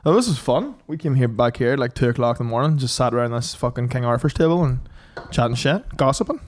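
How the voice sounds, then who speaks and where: A man's voice: medium pitch, animated. A young man with a Northern Irish accent, trading crude, dry quips in a casual podcast chat. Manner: quick dry quips, swearing.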